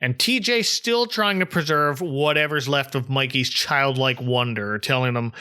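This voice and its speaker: Brief: male podcast host from southern New Jersey, chatty recapper, bright, crisp tone. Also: a little high, measured pace. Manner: chatty, recaps scenes and acts out quotes. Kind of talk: casual chat recapping a cartoon episode.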